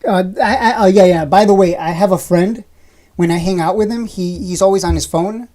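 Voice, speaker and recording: A woman's voice: medium pitch, fairly quick, dark tone. A woman in her thirties hosting a casual live stream, teasing her chat with profane, joking rants and frequent laughter. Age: 30s. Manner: laughs often between lines. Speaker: livestream host reading chat.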